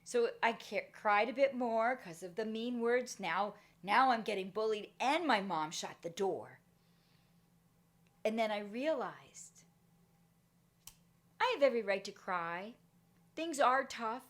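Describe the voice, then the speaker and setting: A woman's voice: fairly high pitch, measured pace. A middle-aged woman giving a motivational talk, telling a personal story and acting out the voices in it. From Canada. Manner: animated, acts out voices in her story. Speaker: motivational speaker.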